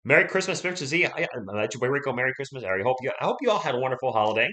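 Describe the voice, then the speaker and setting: A man's voice: mid-range voice, animated, racing, sharp tone. Chatty man hosting a sports stream. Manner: chatty, rambling, greets chat viewers by name. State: voice recovering from illness. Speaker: sports livestream host. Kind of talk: casual livestream chat.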